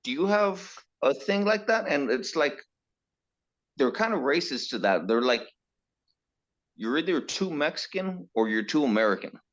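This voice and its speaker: A man's voice: on the high side, very animated, moderate pace, muffled recording. A man from California, blunt and joking and swearing freely in a casual podcast chat. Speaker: podcast guest.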